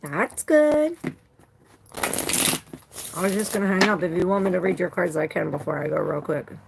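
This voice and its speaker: A woman's voice: on the low side, moderate pace, creaky, very noisy. A woman doing a casual live tarot reading who talks loosely, swears freely and greets viewers by name. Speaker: tarot reader.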